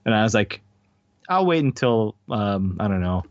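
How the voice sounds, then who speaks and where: A man's voice: on the low side, very animated, normal speed, dry recording. Guy hosting a podcast, jokes and laughs a lot, kinda muffled dry mic. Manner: jokey, laughs often. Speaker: podcast host. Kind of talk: casual chat. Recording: dull, dry recording.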